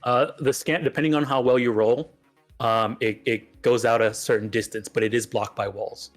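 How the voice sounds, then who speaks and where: A man running a tabletop role-playing game as game master, talking in a halting way with many restarts. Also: medium pitch, steady tone, faint music behind.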